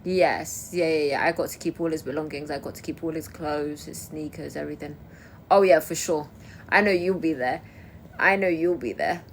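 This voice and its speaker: A woman's voice: deep voice, moderate pace, slight background noise. A young woman from Kosovo chatting casually on a livestream, answering her viewers' comments as they come in. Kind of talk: casual live-stream chat.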